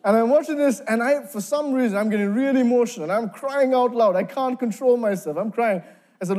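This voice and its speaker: Man, young adult, from Sri Lanka, high-pitched, faith testimony, animated storytelling. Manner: animated storytelling with quick laughs and acted-out dialogue. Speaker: speaker giving a testimony.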